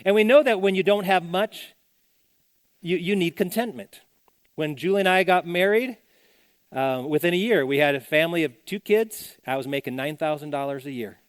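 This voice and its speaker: The senior pastor, a middle-aged man, preaches in church at a moderate pace, his voice a little high with a clear, resonant tone on a dry recording. He keeps the sermon conversational, repeating phrases and mimicking the people he quotes.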